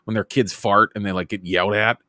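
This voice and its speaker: A man's voice: on the low side, fairly quick, no echo, clean studio sound. A man in his thirties chatting loosely about parenting and kids' humor, with many restarts and fillers. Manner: lively, rambling, lots of "like" and restarts. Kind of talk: casual chat.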